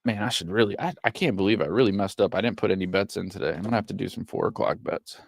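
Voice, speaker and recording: A man streaming a watch party, giving casual play-by-play commentary that turns excitable and profane when frustrated. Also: sits low, quick pace, vocal fry, no echo. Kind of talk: casual live game commentary.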